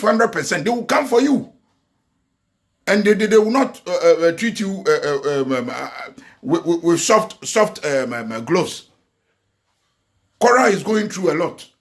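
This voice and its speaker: Impassioned man, fairly high voice. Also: a bit bright. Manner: impassioned, repetitive, with many fillers and restarts. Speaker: commentary vlogger. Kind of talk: emotional social media commentary. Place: lives in the Netherlands.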